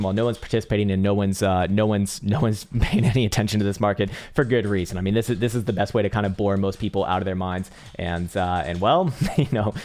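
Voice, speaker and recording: Profane, animated crypto livestream host. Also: male voice, fairly low pitch. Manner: profane, animated, laughs often. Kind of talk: casual live market analysis.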